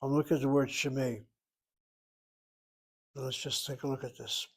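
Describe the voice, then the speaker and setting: A man's voice: mid-range voice, little pitch movement, moderate pace, breathy edge. A man teaching a Hebrew lesson, explaining grammar step by step and thinking aloud as he goes. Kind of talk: informal language lesson.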